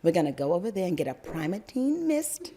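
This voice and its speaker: A woman voicing her mother as a brisk, commanding, no-nonsense parent. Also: lowish voice, big pitch swings, mellow. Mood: firm. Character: firm, no-nonsense middle-aged mother.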